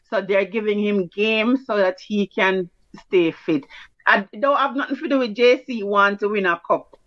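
A woman with a Jamaican accent co-hosting a sports show in casual chat, brisk and teasing with patois-flavoured talk, on a dull lo-fi recording. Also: medium pitch, no echo. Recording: dull lo-fi sound.

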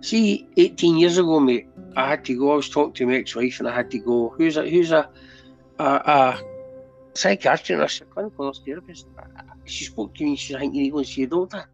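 A gravelly, slightly high male voice moves at a quick pace as this middle-aged Scot tells his story on a podcast. His talk is earnest and casual, a candid conversational account peppered with "know what I mean?" The sound is dull lo-fi with faint music in the background.

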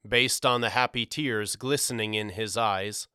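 A man narrating a storybook audiobook in a measured, expressive reading. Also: fairly low pitch, clear, resonant tone, no room sound, clean studio sound.

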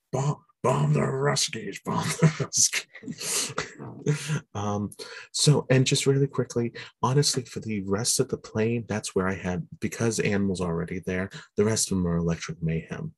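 A man's voice: fairly low pitch, slightly rough, dry recording. A man hosting a casual chat podcast, chatty, laughing often and slipping into character voices. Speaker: podcast host.

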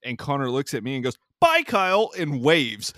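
A man's voice: mid-range voice, a little fast, fairly bright tone, dry recording, studio quality. A young man co-hosting a casual chat who jokes and teases his friend, laughing as he goes. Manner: joking, teasing, laughs often.

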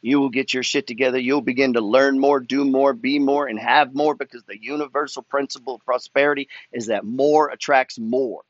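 A man's voice: medium pitch, steady tone, normal speed, few pauses, no room sound, highs cut off. A man hosting a money talk show, ranting in a fired-up, pushy way and swearing constantly as he reads follower emails. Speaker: host reading follower emails. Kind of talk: profane motivational rant.

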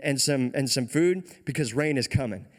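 A man's voice: mid-range voice, moderate pace, natural voice. Man doing a chill, slangy prophet. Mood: casual. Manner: casual slangy, unbothered. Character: laid-back, bold male prophet, talks like a buddy.

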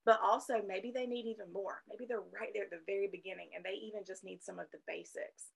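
A woman's voice: medium pitch, fairly even intonation, quick pace, vocal fry, slightly rough, low-quality recording. A woman co-hosting a podcast, explaining plans in an earnest, conversational way. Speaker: podcast co-host. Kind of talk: casual podcast chat.

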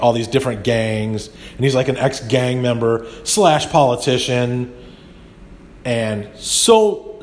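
Here a man with a slightly high, darkish voice hosts a podcast. His casual monologue is rambling and indignant, and he keeps restarting his sentences.

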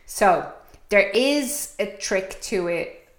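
This podcast host from Ireland is a middle-aged woman who tells lively stories in a relaxed, chatty style. She speaks slowly and expressively in a mid-range voice, and the recording has an echoey room sound.

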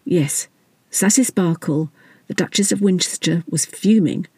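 Wry narrator, husky tone, dry close mic, satirical chapter read. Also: medium pitch, measured pace, warm tone, no room sound. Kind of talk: scripted audiobook narration.

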